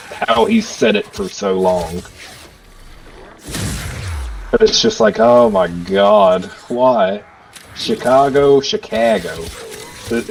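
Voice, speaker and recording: A man telling rambling stories at a relaxed pace while chatting with friends on a game stream. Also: medium pitch, creaky. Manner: slow, rambling anecdotes with restarts. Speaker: gamer on a group stream. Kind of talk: casual chat among friends. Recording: distant mic with faint noise.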